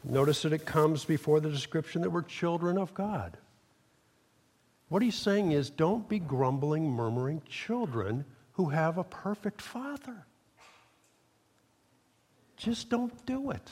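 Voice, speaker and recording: A middle-aged male pastor preaching a sermon, calling on the congregation to answer back, with a fairly high voice. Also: animated, a little slow, pauses often, darkish tone, breathy edge. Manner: emphatic call-and-response preaching. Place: church sanctuary. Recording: long reverb of a hall.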